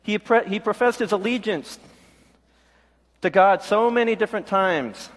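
Middle-aged pastor from the Pacific Northwest, somewhat high voice for a man, folksy storytelling sermon with a long hall reverb. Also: moderate pace. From Pacific Northwest, USA. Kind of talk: conversational sermon.

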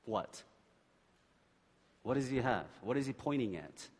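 A man preaching in a big, echoing hall with a middle-pitched voice. He jokes through the story, then rises to loud, urgent exhortations. Between those he drops into calm scripture reading. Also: unhurried, husky. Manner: animated, joking, shifts between shouting exhortation and quiet reading. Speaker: pastor. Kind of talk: sermon. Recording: long hall reverb.

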